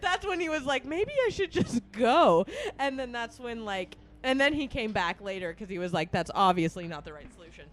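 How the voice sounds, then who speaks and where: A woman's voice: mid-range voice, brisk, hardly any pauses. A young woman in her twenties co-hosting a podcast, telling a story in casual chat, laughing often and acting out what people said. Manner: animated, laughs often, acts out quotes. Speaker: podcast co-host.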